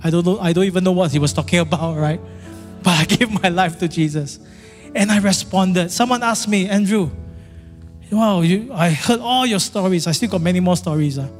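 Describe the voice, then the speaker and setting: A middle-aged pastor, telling a story in a sermon in an animated, repetitive, dramatic way, recorded in a large church hall. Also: male voice, high-pitched, a little fast. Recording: long church reverb, faint music.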